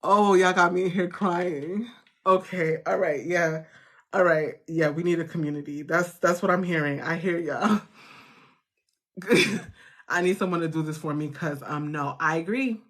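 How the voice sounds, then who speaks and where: A woman's voice: deep voice, normal speed. A woman hosts a live funding chat. She speaks casually and reassuringly, laughing easily and often restarting her sentences mid-thought. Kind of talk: casual live-stream talk to viewers.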